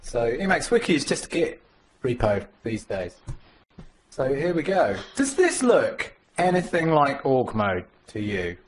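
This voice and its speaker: A man giving a live conference tech talk with a demo, animated and joking, talking to the audience. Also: medium pitch, unhurried, slight background noise. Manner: animated, jokey, mimics others in voices. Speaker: conference speaker. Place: conference room.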